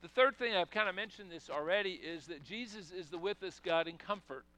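A man's voice: high voice, brisk, bright, forceful tone. A man preaching a sermon in a conversational way, asking the congregation questions and breaking into emphatic bursts. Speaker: pastor.

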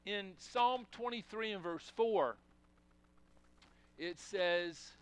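A man's voice: sits high, drawn-out words, clear, resonant tone. A man preaching a sermon in a conversational way, asking the congregation questions and breaking into emphatic bursts. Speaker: pastor.

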